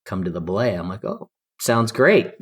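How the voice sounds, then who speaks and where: Low-voiced man in his fifties, animated podcast storyteller from California. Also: normal speed. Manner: animated storyteller, acts out quoted dialogue. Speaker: guest climber. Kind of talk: storytelling interview.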